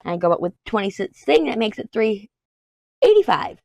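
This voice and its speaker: Working on a diamond painting for her vlog, a woman from Texas chats casually in a rambling, storytelling way. She sounds animated and quick, with a medium-pitched, gravelly, darkish voice and no echo.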